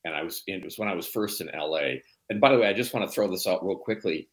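A man from Chicago, a documentary producer and guest, telling stories in a relaxed, rambling way. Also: low-pitched, fast talker. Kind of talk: casual interview storytelling.

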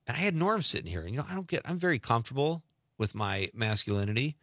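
A man's voice: medium pitch, sing-song, fast, a bit bright, dry recording. A middle-aged man from Wisconsin hosting a call-in radio show, chatting casually and laughing often as he reads out listener messages.

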